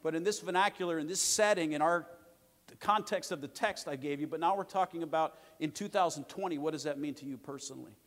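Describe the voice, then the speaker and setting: A middle-aged male pastor preaching a sermon, telling lively stories with joking asides and calling out for amens. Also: fairly high pitch, fast. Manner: lively storytelling with joking asides and calls for amen. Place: large church sanctuary. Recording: long reverb of a big church hall.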